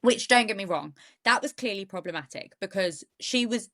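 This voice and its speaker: Woman co-hosting a true crime podcast, worked up and chatty, mid pitch. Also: expressive, moderate pace, a bit bright. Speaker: podcast co-host.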